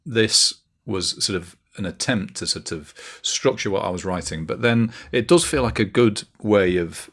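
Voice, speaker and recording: A man's voice: on the low side, normal speed, hardly any pauses, a bit bright. A man hosting a casual football podcast, talking in a rambling, hesitant way with many fillers and restarts. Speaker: podcast host.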